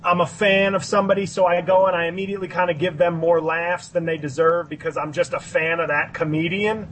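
A man in a casual movie review chat, defending his view in a measured, reasoning way. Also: fairly high pitch, steady tone, a bit bright, slight background noise, poor audio.

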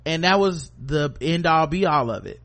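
A man with a slightly raised voice tells a rambling story in a relaxed, chatty way. He drops into quick impressions of coworkers and swears casually. The tone stays conversational and unscripted throughout. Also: a little high. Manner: loose anecdotal telling, acts out quoted voices, curses freely.

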